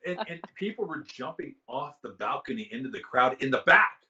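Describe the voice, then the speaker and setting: A man in his fifties telling a wild story in casual chat on a video call, animated and excitable. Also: medium pitch, fairly quick, lo-fi sound. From California. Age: 50s. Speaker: guest musician.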